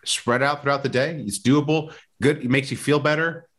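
A man's voice: medium pitch, fairly even intonation, moderate pace, fairly bright tone. A man co-hosting a casual podcast chat, opinionated and fond of handing out tips. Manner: opinionated, gives tips, repeats himself. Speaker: podcast co-host.

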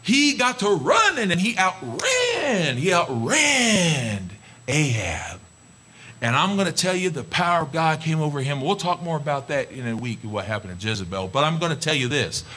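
A man's voice: fairly high pitch, very animated, normal speed, bright, forceful tone, breathy edge. A man preaching a sermon, retelling a scripture story in an emphatic, conversational way.

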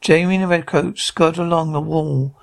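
A man's voice: on the high side, steady tone, normal speed, vocal fry. A man reading a script aloud, speaking the stage directions plainly. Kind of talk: amateur script read-aloud.

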